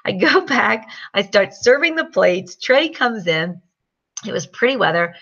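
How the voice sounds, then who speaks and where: A woman's voice: medium pitch, a little slow, creaky, lo-fi sound. A middle-aged woman telling a personal story and giving a motivational sales pep talk, acting out what people said. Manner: animated storyteller, acts out quotes.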